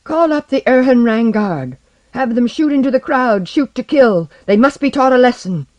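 A reader voicing a young female king who is frightened and desperate, speaking rapidly and distinctly in a loud, high voice. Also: vocal fry, husky, heavily acted. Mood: commanding. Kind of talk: audiobook character voice.

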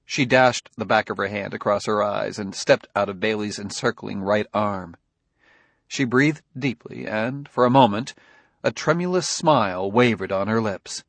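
A man narrating an audiobook in an expressive reading voice. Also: fairly low pitch, normal speed, gravelly, dry recording.

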